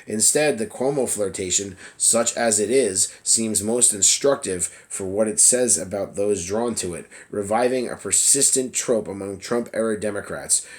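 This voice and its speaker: Casual low-voiced man reading aloud. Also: moderate pace, few pauses, darkish tone. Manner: loose and chatty, many fillers, laughs at himself. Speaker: political video blogger. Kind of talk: casual vlog commentary, reading an article aloud. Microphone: phone camera app.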